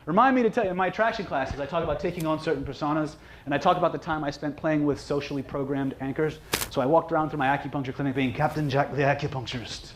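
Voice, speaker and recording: A man's voice: a little high, fast talker, few pauses, slight background noise. A man giving a live seminar talk, joking with and quizzing the audience. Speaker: seminar presenter, hypnosis trainer.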